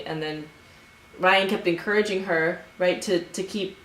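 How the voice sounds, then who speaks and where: A woman's voice: lowish voice, fairly even intonation, normal speed, a bit bright. Supportive woman co-host, echoey room. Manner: supportive, adds to his points. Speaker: podcast co-host. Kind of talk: casual conversation. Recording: roomy echo.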